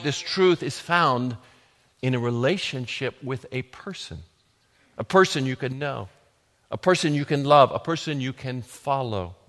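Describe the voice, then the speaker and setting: A man preaching a sermon, building from quiet, measured lines to loud, emphatic declarations. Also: fairly high pitch. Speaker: pastor. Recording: long hall reverb.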